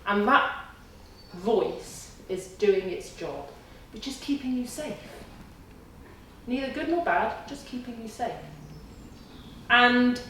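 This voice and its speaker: Woman in her forties, storytelling speech, animated retelling, far from the mic, very echoey hall. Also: mid-range voice, a little hiss or hum. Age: 40s. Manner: storytelling, animated, acts out her own inner voice. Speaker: kickboxing student giving a talk. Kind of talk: speech to a class. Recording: distant and very echoey with faint ambience.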